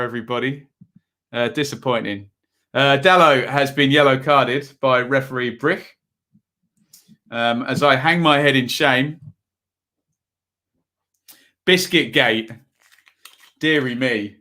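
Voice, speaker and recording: Bright-voiced chatty male watch-along host. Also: mid-range voice, slow pace, long pauses. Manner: chatty, rambling, self-deprecating. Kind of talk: casual live match commentary.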